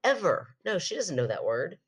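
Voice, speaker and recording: A woman podcast host telling a story in casual chat, animated, laughing often and acting out what people said. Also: on the low side, moderate pace, slightly rough.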